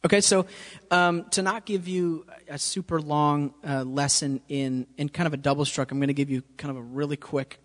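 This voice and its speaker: A man's voice: on the high side, steady tone, moderate pace. A man giving a casual, hands-on drum lesson, often stopping to ask if the student follows. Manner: casual, checks understanding with frequent "okay?". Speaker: drum teacher. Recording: reverberant room with drums playing.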